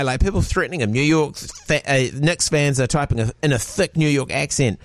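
A man's voice: medium pitch, normal speed, few pauses, no room sound. A man, hosting casual radio banter and reading out online comments with mock outrage. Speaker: radio host.

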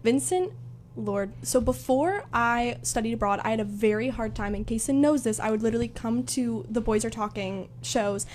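Playful high-voiced young woman. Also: moderate pace, a little mellow, a little hiss or hum. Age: young adult. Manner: playful, addresses listeners as guys, laughs a lot. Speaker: podcast co-host. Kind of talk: casual chat.

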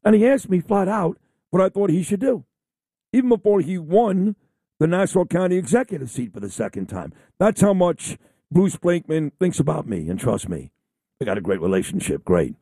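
Middle-aged male radio host, boastful rambler, animated pitch, dry close sound. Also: moderate pace, breathy edge, dry recording. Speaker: radio talk show host. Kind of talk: casual on-air chat.

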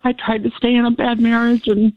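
A middle-aged woman calling in to a radio show, speaking haltingly and near tears. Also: a little high, level tone, no room sound. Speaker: caller. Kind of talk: emotional call-in on a phone line. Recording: tinny phone line.

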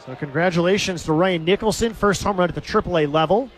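A man calling a minor league baseball game on radio, telling a funny story between pitches and laughing at it. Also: quick pace, a faint crowd, slight background noise. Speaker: baseball play-by-play announcer.

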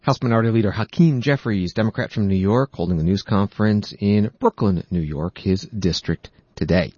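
Low-voiced man reading the news. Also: warm tone, highs cut off. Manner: measured, formal news read. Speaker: news anchor. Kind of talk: scripted news narration.

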